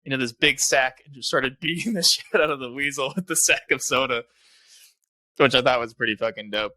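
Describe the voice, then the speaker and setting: Bright-voiced young man retelling a movie. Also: medium pitch, fairly quick, no echo. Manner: animated retelling, heavy swearing, frequent laughter. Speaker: podcast co-host, film reviewer. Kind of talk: casual chat.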